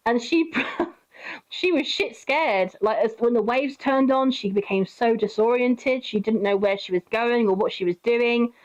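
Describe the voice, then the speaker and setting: A woman's voice: medium pitch, darkish tone, lo-fi sound. Rambling young woman telling a story. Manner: rambling, swears freely, laughs often. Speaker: vlogger. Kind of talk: casual storytime chat.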